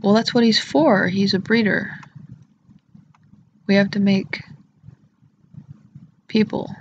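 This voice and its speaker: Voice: medium pitch, fairly even intonation, slow, lo-fi sound, slight background noise. A vlogger rambling in an erratic, giggly way, cracking crude jokes to the camera. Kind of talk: rambling solo vlog talk.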